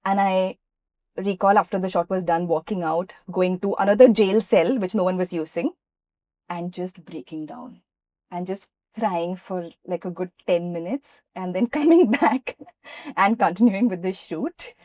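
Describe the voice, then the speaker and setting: A woman from India, an actress being interviewed, who tells lively anecdotes and acts out what people said. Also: on the low side, a little slow, no echo, clean studio sound. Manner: lively anecdotes, often acting out quoted dialogue. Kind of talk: interview storytelling.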